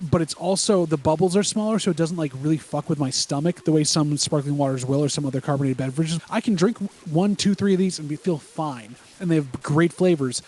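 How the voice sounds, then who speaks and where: Guy talking fast and excited on a podcast, kinda rambly, voice on the higher side. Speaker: podcast co-host. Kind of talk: casual chat reacting to wrestling.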